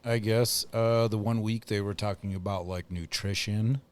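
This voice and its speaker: A man's voice: on the low side, steady tone, normal speed. A man hosting a casual podcast, rambling with lots of fillers and laughing often. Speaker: podcast host.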